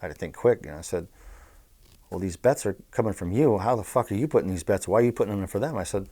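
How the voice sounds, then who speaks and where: As an interview guest, a middle-aged Southern Californian who used to run bets talks fast in a fairly low voice. His casual stories are animated, blunt and full of profanity.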